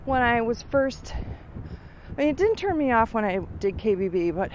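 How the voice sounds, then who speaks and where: A middle-aged woman thinks aloud on an outdoor walk for a casual vlog, filling her talk with fillers and a little out of breath from walking uphill, her lungs weak from years of smoking. Her fairly high voice is very animated and a bit slow, with slight background noise.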